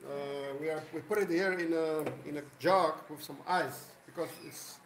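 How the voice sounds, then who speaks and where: A man's voice: on the high side, normal speed, roomy sound, a little hiss or hum, low-quality recording. A man hosting a casual live stream, rambling and greeting viewers by name. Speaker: livestream host.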